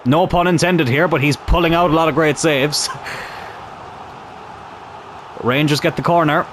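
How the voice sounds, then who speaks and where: A young man commentating on his own football video game in a chatty, animated way, swearing mildly as he plays. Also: a little high, a little slow, slight background noise. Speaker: gaming YouTuber.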